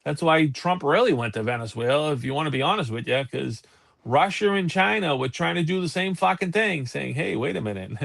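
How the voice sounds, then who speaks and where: Gravelly, profane man ranting. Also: fairly high pitch, lively intonation, brisk, fairly bright tone, no echo. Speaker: podcast host. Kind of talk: heated casual chat.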